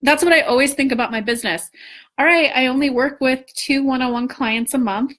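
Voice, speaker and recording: A young woman coaching on manifesting, chatting casually in a live stream, animated with lots of restarts and the odd swear. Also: high-pitched, brisk. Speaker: law of attraction coach.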